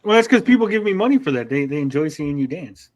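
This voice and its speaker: A man hosts a casual panel chat and needles the others with wisecracks. His voice is fairly high and swings widely in pitch. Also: very animated, fast. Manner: teasing, wisecracking. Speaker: show host.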